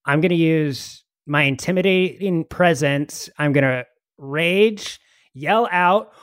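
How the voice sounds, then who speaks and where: A man's voice: a little high, slow, smooth, dry recording, studio quality. Boisterous man playing a tabletop game. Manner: boisterous, laughing, shouty outbursts. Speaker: player.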